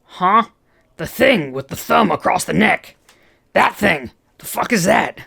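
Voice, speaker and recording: Reader doing a tiny angry skeleton guy, snappy and shouty, protective, fan story read aloud. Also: medium pitch, expressive, a little slow, creaky, slightly rough, exaggerated voice. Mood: enraged. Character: small hot-tempered male skeleton creature, protective.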